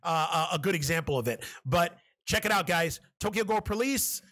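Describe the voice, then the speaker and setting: A man's voice: high-pitched, lively intonation, moderate pace, a bit bright. A man co-hosting a casual horror podcast, talking with enthusiasm, stammering restarts and heavy swearing. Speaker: podcast co-host. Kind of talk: casual chat.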